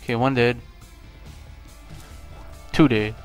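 A man's voice: medium pitch, slow pace, smooth. Rambling young man over game music. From Lithuania. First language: Lithuanian. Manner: rambling, self-mocking, with sudden excited yelps. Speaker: gaming channel host. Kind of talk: casual gameplay commentary.

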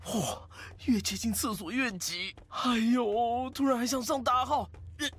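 A woman's voice: a little high, a little slow, a little hiss or hum, lightly acted. An actress voicing a nervous young female college student in a horror game, jittery and muttering to herself. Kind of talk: game voice acting.

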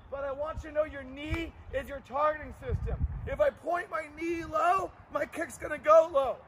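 A man teaching a martial arts class for children, leading loud call-and-response drills in a playful, commanding way. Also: extremely high pitch. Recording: loud outdoor traffic noise.

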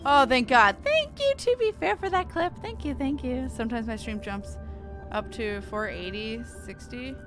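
A woman game streamer, bubbly and chatty, wrapping up her stream with quick thank-yous. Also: on the high side, expressive, over music. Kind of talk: let's play commentary and stream outro.

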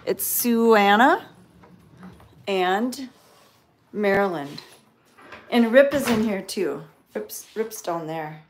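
A woman touring a cat sanctuary in a casual vlog, cooing to the cats in high baby talk and sometimes whispering. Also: slow pace, pauses often.

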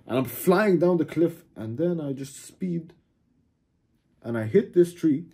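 A young man casually telling a dramatic personal story to camera, animated, cursing and calling the listener "bro". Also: a little high, a little slow, background noise. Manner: animated, swears a lot, keeps saying "bro". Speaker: vlogger.

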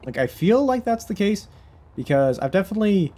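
Casting young male streamer, slightly high voice, loose rambling delivery that keeps doubling back on itself, laughs a lot. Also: sing-song, a little fast, dark tone. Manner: rambling, self-interrupting, laughs often. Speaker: game streamer. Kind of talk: casual live-stream chatter.

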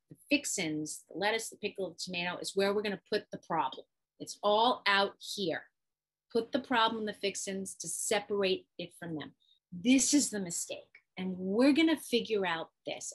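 Woman host with a husky voice, animated teacher who acts out examples for parents. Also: mid-range voice, low-quality recording. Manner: expressive, acts out parent and child. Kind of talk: instructional talk to camera.

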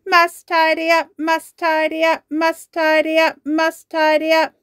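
A woman's voice: very high voice, steady tone, slow, pushed and bright, dry recording, clean studio sound, voice pushed up, exaggerated voice. A woman voicing an obedient male toy robot in a storybook reading, chanting in a stiff, repetitive way.

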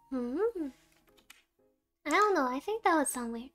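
Young woman, VTuber game commentary, very high voice, unhurried, playful and melodramatic, mixes in Japanese words, faint music behind. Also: animated, fairly bright tone. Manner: playful, melodramatic, mock-heroic declarations; sprinkles Japanese words into English. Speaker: VTuber streamer. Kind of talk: live game-stream commentary.

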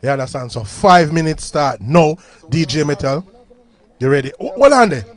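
A man's voice: on the high side, lively intonation, moderate pace. A Jamaican man hosting a sound clash on live radio. He is chatty, laughs often and repeats phrases.

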